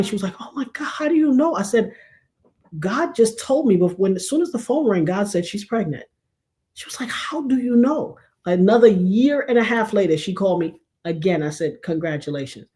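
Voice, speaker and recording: Animated woman telling stories. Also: on the low side. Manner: animated, acts out quoted dialogue. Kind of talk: casual storytelling chat.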